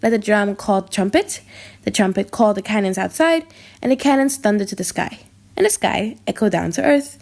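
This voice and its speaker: A woman's voice: mid-range voice, moderate pace, gravelly, a little mellow, lightly acted. A woman reading the lines of a scheming older king in an audiobook drama, commanding and ceremonious.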